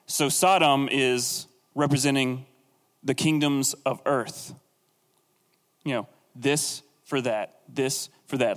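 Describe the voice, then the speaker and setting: A man's voice: medium pitch, fairly even intonation, measured pace, fairly bright tone, big-room sound. A man teaching a casual, conversational sermon on the Bible, with jokey asides and acted-out quotes.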